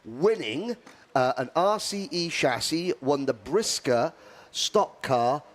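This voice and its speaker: A man's voice: a little high, expressive, slow pace. A man giving live karting commentary, chatty and rambling with asides.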